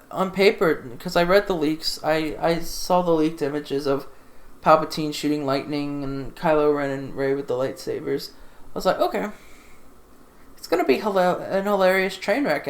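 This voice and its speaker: A woman's voice: sits low, lively intonation, normal speed. A woman giving a casual, exasperated film review into a desktop USB microphone while seated at home, repeating herself and swearing. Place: sitting in a chair at home.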